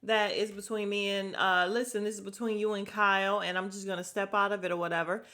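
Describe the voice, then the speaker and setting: A woman's voice: medium pitch, steady tone, a little fast, sharp tone. A woman hosting a podcast, chatting casually and gossipily as she recaps a show and acts out the quotes.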